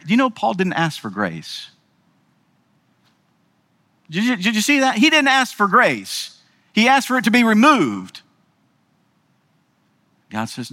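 Lively, bright-voiced preacher. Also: male voice, high voice, normal speed, pauses often. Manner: emphatic, lively, direct address to the congregation. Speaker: pastor. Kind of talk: sermon.

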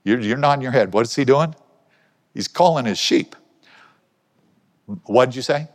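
Speaking a little slowly in a medium pitch, a man preaches to a church hall congregation, keeping it conversational and posing questions to them. A long hall reverb trails his words.

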